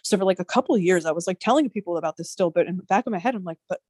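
A woman in her thirties telling a story in casual conversation, animated, with many fillers and swearing. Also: fairly low pitch, very fast, slightly rough, dry recording. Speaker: guest.

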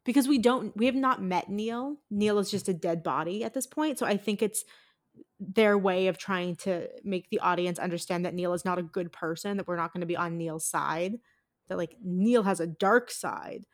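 A woman's voice: lowish voice, moderate pace. A young woman co-hosting a podcast, talking frankly and casually with some swearing. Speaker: podcast co-host. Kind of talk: casual chat.

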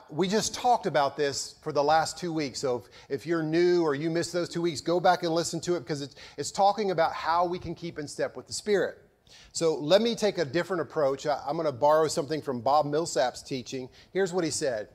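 A male pastor preaching a sermon in a storytelling manner, with a touch of sarcasm, moving from loud to hushed. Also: on the high side.

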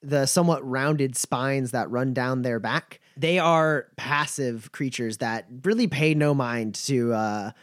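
A man narrating as game master in a tabletop game, halting with many fillers. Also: mid-range voice, a bit bright, dry recording.

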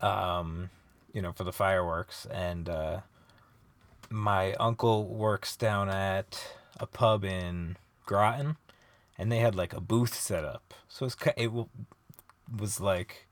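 A man's voice: deep voice, fairly even intonation, takes it slowly. A man co-hosting a podcast, chatting casually in a laid-back, teasing way and playfully disagreeing. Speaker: podcast co-host. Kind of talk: casual chat.

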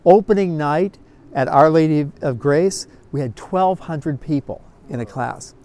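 A man teaching a Bible class, telling stories in a folksy, animated way with frequent chuckles. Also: a little high, a little slow. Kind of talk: storytelling Bible lesson.

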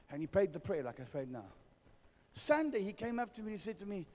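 A South African pastor preaching in a high, lively voice that swings widely in pitch. He speaks to his congregation directly and forcefully, and the sound carries a long hall reverb. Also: fast talker. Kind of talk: sermon. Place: church hall.

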